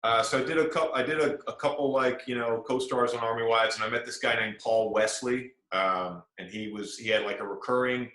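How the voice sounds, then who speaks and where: The young South Carolina man, a guest actor, talks a little fast with hardly any pauses in a mid-range voice. In this casual storytelling interview, recorded in an echoey room, he animatedly performs the quotes.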